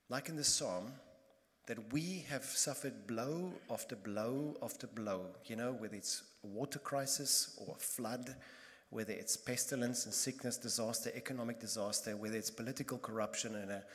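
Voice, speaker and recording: A man preaching a sermon as pastor, emphatic and impassioned, repeating phrases and swinging between loud bursts and hushed moments. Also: mid-range voice, moderate pace. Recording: long reverb of a large hall.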